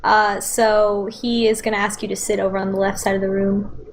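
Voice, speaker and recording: A woman's voice: medium pitch, little pitch movement, normal speed. A woman narrating as game master, hesitant, with many fillers and restarts.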